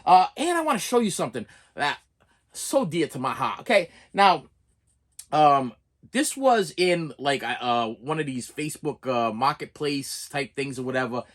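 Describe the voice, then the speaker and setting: A middle-aged man with a voice sitting a little high for a man chats straight to his viewers. He rambles, circles back and repeats himself, his pitch leaping up and down in a lively, animated way. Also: a little slow. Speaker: preschool teacher and collector vlogger. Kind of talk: casual rambling monologue.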